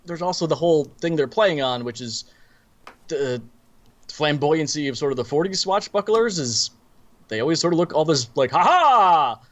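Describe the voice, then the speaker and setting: A man co-hosting a casual movie review podcast, recounting scenes in an animated, storytelling way. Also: on the high side, normal speed. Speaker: podcast co-host.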